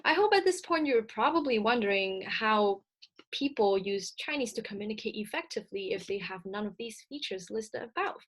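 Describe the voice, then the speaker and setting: A woman's voice: medium pitch, lively intonation, normal speed. A young adult woman presenting a recorded slide lecture, explaining step by step with frequent ums and self-corrections. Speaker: speech-language presenter.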